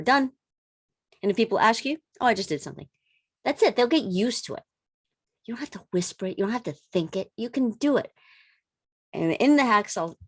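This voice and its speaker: A woman holistic coach giving a casual motivational talk, animated and repeating words for emphasis. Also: on the low side, dry recording, studio quality.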